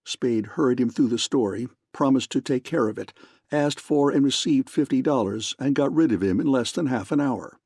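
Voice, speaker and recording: A man narrating an audiobook in even, measured scripted narration. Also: mid-range voice, husky, dry recording, clean studio sound.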